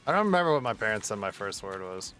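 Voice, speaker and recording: A man's voice: lowish voice, very animated, fast talker, a bit bright, faint music behind. A young man streaming a survival game, chatting loosely with his viewers, swearing freely and laughing at his own jokes. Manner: loose, profane, jokey, often laughing. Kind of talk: casual live-stream gaming chat.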